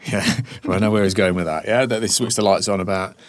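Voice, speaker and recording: A man in his forties, chatting casually as a podcast host and telling animated stories, sometimes dropping to a hushed whisper for effect. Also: deep voice, brisk. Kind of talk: casual chat.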